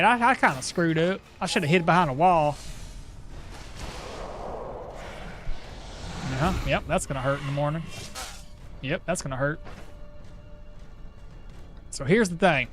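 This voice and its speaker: A man's voice: a little high, moderate pace, long pauses, a bit bright, faint music behind, close to an everyday voice. A man putting on a goofy southern drawl. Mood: folksy. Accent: put-on American Southern. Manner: drawling, folksy, grumbling. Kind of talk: playful accent put-on during gameplay.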